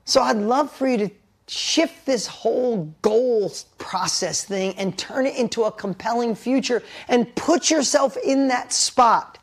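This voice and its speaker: Energetic male motivational coach. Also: very high voice, unhurried. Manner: energetic and emphatic, reads chat aloud. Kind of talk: live online workshop talk.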